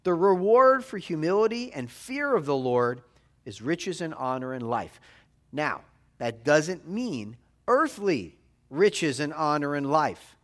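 Lively conversational male rabbi preaching. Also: fairly high pitch, takes it slowly. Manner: conversational preaching, frequent tag questions. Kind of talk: sermon.

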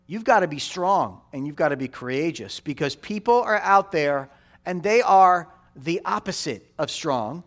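A man's voice: fairly high pitch, a bit bright. A man in his forties preaching a sermon, emphatic, repeating key phrases and checking in with the listeners. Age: 40s. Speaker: pastor.

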